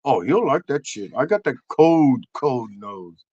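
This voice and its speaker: Animated crude comic man. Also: mid-range voice, measured pace, husky, no echo, lo-fi sound. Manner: animated, crude, bursts into shouts and silly voices. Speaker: comedy host. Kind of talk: crude comedic monologue.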